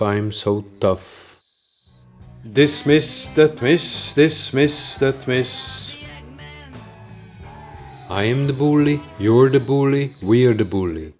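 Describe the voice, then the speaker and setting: A man's voice: mid-range voice, a little mellow. A man playing a tired, self-pitying, bullying male manager with a Dutch accent, chanting short repetitive rhyming lines.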